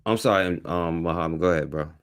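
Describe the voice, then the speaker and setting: A man's voice: low-pitched, fast, clean tone, dry recording, clean studio sound. A man hosting an online talk radio show, informal and apologetic as he puts the discussion on hold and brings in callers.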